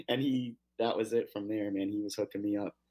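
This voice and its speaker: A man hosting a casual internet radio talk show, telling relaxed stories and laughing often. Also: fairly low pitch, moderate pace. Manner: laid-back storytelling with laughs. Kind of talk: casual chat.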